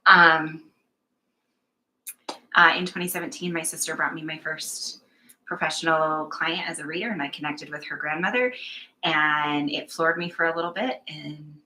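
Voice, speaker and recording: A woman's voice: sits low, moderate pace, bright, forceful tone, a little hiss or hum, poor audio. A woman working as a psychic medium, telling her experiences in a candid, chatty, self-mocking way as a guest. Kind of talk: casual conversational storytelling.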